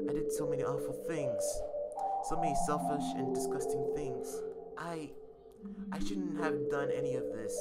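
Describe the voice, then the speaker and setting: A streamer with a medium-pitched voice reads game dialogue aloud, lightly acting as a young female character who is desperate and lovestruck, pleading and full of remorse. Game music plays in the background.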